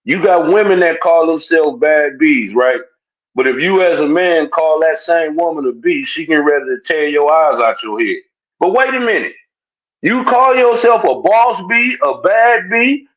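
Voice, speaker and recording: A man on a live stream, calmly reasoning through his point in a casual debate. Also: a little high. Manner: measured, reasoning aloud step by step. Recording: dull, lo-fi remote audio.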